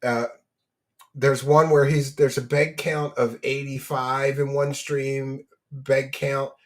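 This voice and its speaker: A man's voice: mid-range voice, flat delivery, slow. A man hosting a casual commentary stream, mocking his subject, laughing often and thanking donors by name.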